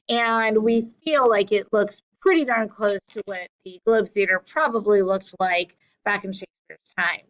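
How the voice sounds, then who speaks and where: A woman teacher giving a slow, deliberate lesson over slides, correcting herself now and then. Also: mid-range voice, lo-fi sound. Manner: slow, deliberate explaining with small self-corrections.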